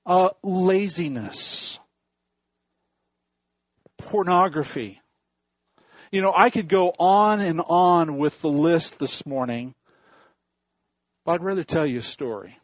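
A male pastor preaching a sermon in a church, telling stories in a slow, deliberate way, with a husky voice. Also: fairly high pitch, dry recording. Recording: dull dry recording.

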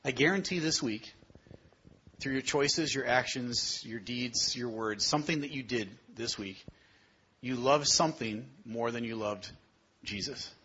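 A man preaching a sermon. He asks the congregation direct questions, climbs to emphatic peaks and then drops low and quiet. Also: unhurried, slight background noise. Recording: dull lo-fi sermon recording.

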